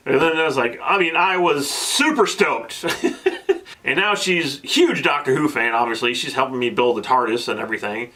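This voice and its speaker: A man in his thirties, telling a casual vlog story with excitable, animated energy and many restarts, at times getting emotional. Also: on the high side, moderate pace. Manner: gets emotional. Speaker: vlogger.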